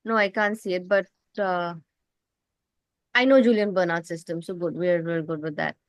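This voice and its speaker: A woman's voice: fairly low pitch, fairly even intonation, normal speed, no room sound. A woman facilitating an online study group, explaining at length with a tiring voice. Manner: explains at length, often restarts phrases.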